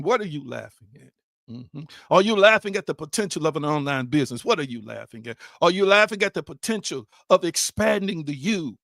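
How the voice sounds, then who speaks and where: A man preaching a sermon, hammering the same rhetorical questions over and over and now and then rising to a shout. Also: high voice, dry recording, studio quality.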